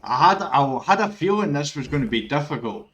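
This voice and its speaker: A man giving live gameplay commentary, swearing often and bursting into loud, frustrated outbursts. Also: a little high, big pitch swings, fairly quick, muffled recording. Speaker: gaming video creator.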